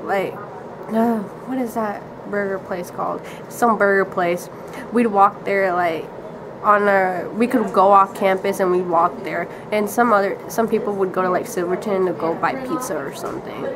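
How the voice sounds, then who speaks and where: A woman's voice: medium pitch, normal speed, background noise. A teenage girl casually telling a rambling story with lots of "like" and giggles. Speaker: vlogger.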